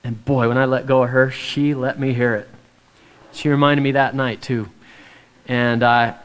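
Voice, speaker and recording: A man giving a devotional talk to an audience, telling a personal story in an animated way and acting out the quotes. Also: medium pitch, clear, resonant tone. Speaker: speaker.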